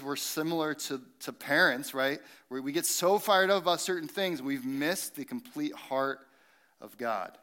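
Male pastor, 30s, bright tense tone, chatty sermon delivery with lots of "uh" and "right?". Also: on the high side. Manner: conversational, animated storytelling with many fillers and tag questions.

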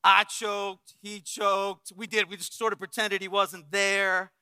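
A middle-aged man preaching as a pastor, telling a story with acted-out quotes and swings from loud bursts to hushed reflection. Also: sits high, little pitch movement, unhurried, clear, resonant tone, no room sound. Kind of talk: sermon storytelling.

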